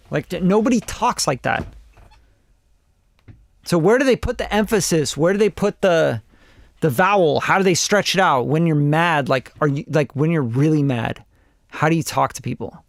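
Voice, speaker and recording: A man's voice: a little high, moderate pace, gravelly, no echo. A man reviewing songs on a casual live stream, blunt and profane, often acting out other people's voices. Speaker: music producer reviewing songs.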